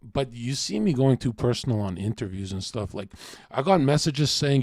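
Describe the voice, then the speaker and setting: A man's voice: mid-range voice, lively intonation, brisk, few pauses, a little mellow, dry recording, clean studio sound. A man hosting a livestream, talking casually, swearing a lot and taunting his chat. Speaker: livestream host.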